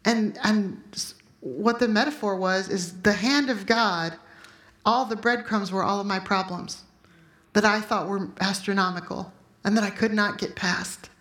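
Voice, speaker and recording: A woman in her fifties giving a sermon with personal testimony to a room of listeners, emotional and loudly acting out her own prayers. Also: medium pitch, unhurried, roomy sound. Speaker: speaker at a Christian gathering.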